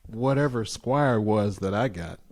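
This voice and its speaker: Brief: middle-aged man, lowish voice, dry close sound, relaxed storyteller. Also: a little slow, no echo. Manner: relaxed anecdotal storyteller, easy laughter. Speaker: guest musician. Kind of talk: casual interview chat.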